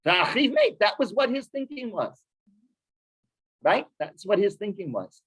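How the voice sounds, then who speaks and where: A man teaching a lively weekly Torah class in a synagogue, animated and full of Hebrew terms. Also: sits high, breathy edge, low-quality recording. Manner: animated, with many Hebrew terms and quick laughs.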